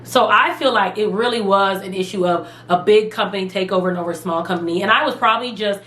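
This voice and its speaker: A young woman telling a story from home in a casual, animated, dramatic way. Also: mid-range voice, fast. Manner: animated, dramatic retelling with quoted voices. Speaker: vlogger. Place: room at home. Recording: echoey room.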